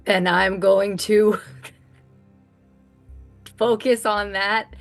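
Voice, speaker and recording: Slow-spoken woman playing a tabletop game. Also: medium pitch, steady tone, creaky. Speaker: player. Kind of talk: in-character tabletop play. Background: soft background music.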